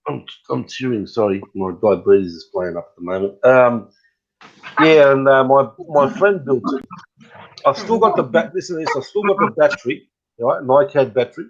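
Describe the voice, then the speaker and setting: A man's voice: medium pitch, moderate pace, muffled recording. A middle-aged man chatting casually as a guest on a live stream, rambling and hesitant with many fillers. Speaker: guest RC hobbyist.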